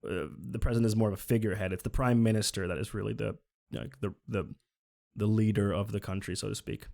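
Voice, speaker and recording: A man's voice: lowish voice, fairly even intonation, fast, gravelly, dark tone. A man from Finland, chatting earnestly as a streamer while reacting to a video, often correcting himself. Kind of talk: casual reaction commentary.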